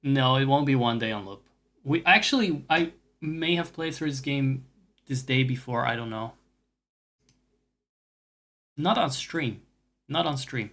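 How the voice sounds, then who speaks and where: Male game streamer, mid-pitched, rambling casual chat with frequent swearing and self-deprecating jokes. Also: unhurried, long pauses, fairly bright tone. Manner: rambling and profane, with self-mocking asides. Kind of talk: casual chat while gaming.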